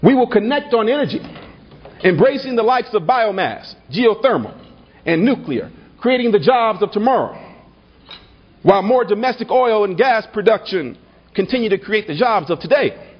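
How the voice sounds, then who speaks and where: A man's voice: sits high, lively intonation, moderate pace, slightly rough, muffled recording. A man giving a rousing political dinner speech at a banquet, building to repeated rhetorical refrains with a humorous anecdote mixed in. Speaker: political speaker. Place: banquet hall at a party dinner.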